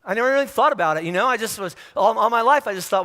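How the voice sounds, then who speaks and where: A man's voice: high voice, animated, rapid-fire, few pauses, pushed and bright. A man preaching a sermon in a conversational, humorous way, acting out little scenes as he talks. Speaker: pastor. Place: large church hall. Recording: echoey church hall.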